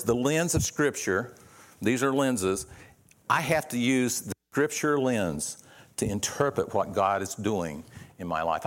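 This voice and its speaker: A man preaching a sermon as pastor, earnest, asking rhetorical questions and often restarting his sentences. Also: mid-range voice.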